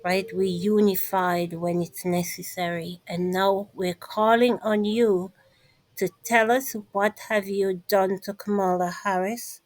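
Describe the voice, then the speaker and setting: A woman's voice: mid-range voice, fairly even intonation, measured pace, dry recording, low-quality recording. A woman vlogger giving a casual commentary monologue, emphatic and repetitive, speaking straight to her listeners.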